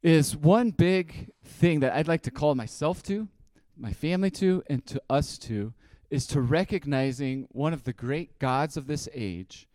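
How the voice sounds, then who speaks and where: A man's voice: fairly high pitch, unhurried, a little mellow, no room sound. A man giving a conversational sermon, telling a personal story and often repeating and restarting his words. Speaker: preacher.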